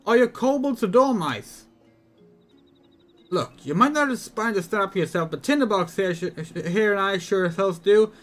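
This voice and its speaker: A man's voice: high voice, animated, moderate pace, faint music behind. A man voicing a brash, impatient adventurer companion who talks bluntly with folksy slang. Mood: scornful.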